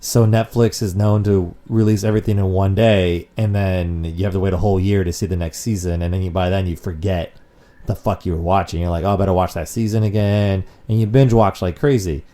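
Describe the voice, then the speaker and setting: A man's voice: sits low, fairly even intonation, fairly quick, mellow. A man co-hosting a casual podcast, rambling and swearing freely as he chats. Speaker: podcast co-host.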